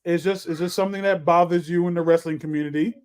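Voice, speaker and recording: High-voiced joking man on a podcast. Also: fast talker, clear, resonant tone. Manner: animated and joking, with loud announcer-style bursts. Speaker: podcast co-host. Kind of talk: casual podcast chat.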